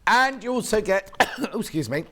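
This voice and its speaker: In a TV studio, a woman hosts live shopping-channel sales chat, bubbly and joking with the crew in between product details. She speaks at a moderate pace in a mid-range voice that is animated, bright and forceful.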